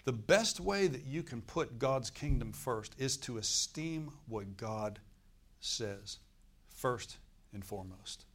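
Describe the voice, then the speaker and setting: A man's voice: mid-range voice, animated, slow pace. Conversational preaching man, talks to the crowd. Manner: conversational preaching, rhetorical questions to the congregation. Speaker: pastor. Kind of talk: sermon.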